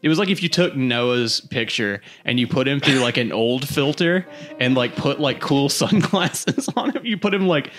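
A man's voice: mid-range voice, animated, normal speed, fairly bright tone, faint music behind. A young man in loose, foul-mouthed banter with friends. He rambles and teases, and his voice rises and falls a lot from line to line. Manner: rambling, teasing, swears freely. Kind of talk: casual profane banter among friends.

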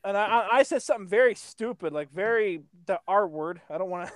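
A man's voice: high-pitched, lively intonation, fairly quick, no room sound. A man co-hosting a podcast in casual chat, telling a rambling story, swearing and laughing often. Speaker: podcast co-host.

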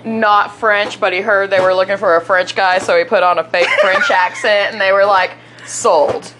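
A woman's voice: mid-range voice, moderate pace, noisy background. A woman co-hosting a podcast, chatting casually and jokingly about a movie and laughing often. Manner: laughs often, jokey and animated. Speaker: podcast co-host. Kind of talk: casual chat reviewing a movie.

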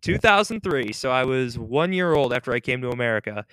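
A young man from Russia hosting a podcast in a casual interview chat, with a loose, halting delivery. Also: medium pitch, lively intonation, fairly bright tone, dry recording, low-quality recording. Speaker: podcast host.

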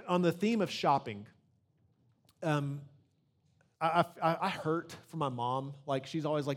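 A young man preaching an Easter sermon in a church, conversational and earnest, slowing down to stress key points. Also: a little high. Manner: conversational, earnest, slows down for emphasis. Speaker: pastor. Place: church sanctuary before a congregation.

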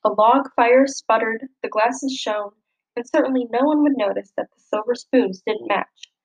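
A woman reading a children's picture book aloud, gently expressive and lifting her voice for the characters' lines. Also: on the high side, moderate pace, creaky, slight background noise, poor audio. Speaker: storybook reader.

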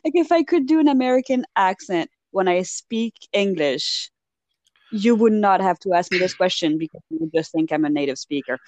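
A woman's voice: medium pitch, animated, normal speed, a little mellow, dry recording, lo-fi sound. A young woman from France with a Parisian French accent, co-hosting a casual podcast chat and laughing often. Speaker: podcast co-host.

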